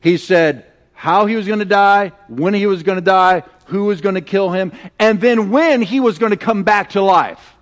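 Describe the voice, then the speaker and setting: A middle-aged man preaching a sermon, telling stories with animated, acted-out quotes. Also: sits high, normal speed, few pauses. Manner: animated storytelling, acting out quoted voices. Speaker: pastor.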